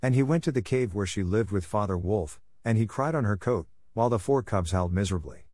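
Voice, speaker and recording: A man narrating a classic story aloud in a measured, dramatic reading style. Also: on the low side, expressive, mellow, no echo, clean studio sound.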